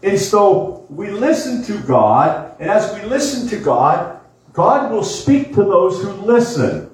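An older male pastor with a high voice preaches earnestly in a very echoey church. He repeats key phrases and stretches words for emphasis, and the mic sits far from him. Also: very animated, takes it slowly. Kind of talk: sermon.

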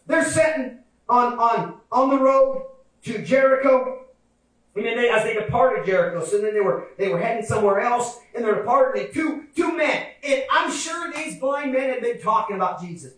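A man preaching a sermon, often shouting and acting out the voices of people in the story. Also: very high-pitched, normal speed. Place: church sanctuary. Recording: very echoey hall, mic from a distance.

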